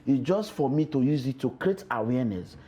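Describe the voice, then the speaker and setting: A Nigerian-accented comedian, appearing as a guest in a TV interview, talks animatedly and slips pidgin into his English. His voice is medium in pitch and a little fast.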